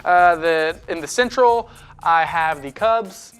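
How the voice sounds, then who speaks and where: A man's voice: fairly high pitch, takes it slowly, fairly bright tone, clean tone, soft background music. A young man co-hosting a student sports show, talkative and playful, ribbing his co-hosts as he gives his picks. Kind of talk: casual sports chat.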